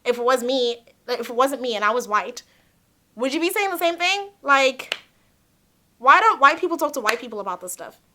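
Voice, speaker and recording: A young woman telling a personal story to camera, animated, blunt and emphatic, swearing at times. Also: sits high, normal speed. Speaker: vlogger.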